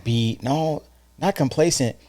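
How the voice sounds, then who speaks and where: A married man co-hosting a casual podcast, giving animated, earnest relationship advice with frequent restarts. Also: medium pitch, slow, no room sound. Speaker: podcast co-host. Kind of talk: casual chat.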